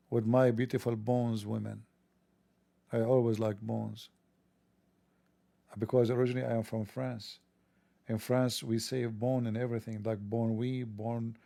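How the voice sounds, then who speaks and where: Gravelly man in a mocking monologue. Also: mid-range voice, warm tone, dry recording. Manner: mocking, sarcastic, jokey. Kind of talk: satirical monologue.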